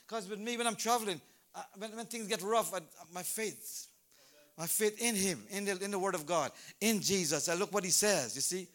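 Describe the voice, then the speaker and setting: A man preaching a sermon at a church service, telling a story with lively acted-out scenes. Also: high voice, moderate pace. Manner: animated storytelling, acts out scenes.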